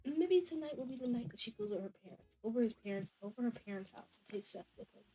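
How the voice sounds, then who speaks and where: A woman's voice: a little high, lively intonation, rapid-fire, warm tone, soft background music. A woman chatting casually over a life-simulation game, guessing what the characters think and scolding them. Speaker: gameplay narrator. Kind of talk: casual gameplay commentary.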